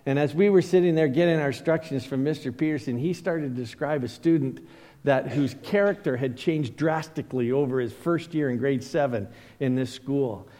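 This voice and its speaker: In a large hall, a middle-aged man gives a sermon as a pastor, his mid-range, dark voice moving at normal speed. Storytelling drives his preaching, and he voices the people he quotes.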